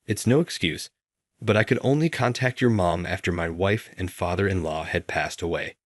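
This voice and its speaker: A man's voice: low-pitched, normal speed, no echo, clean studio sound. A man reading the lines of an older company president who speaks earnestly and apologizes as a father. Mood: remorseful.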